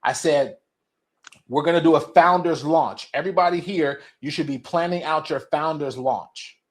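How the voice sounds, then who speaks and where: A man's voice: on the high side, moderate pace. Passionate man giving a pep talk. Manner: passionate, preachy, repeats phrases for emphasis. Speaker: speaker at a business event. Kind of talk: motivational talk.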